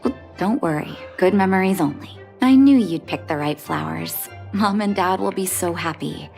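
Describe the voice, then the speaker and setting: An actress voicing a calm, caring young woman doctor in a game cutscene, speaking in a measured way. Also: on the low side, creaky, soft background music. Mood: earnest, warm. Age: young adult.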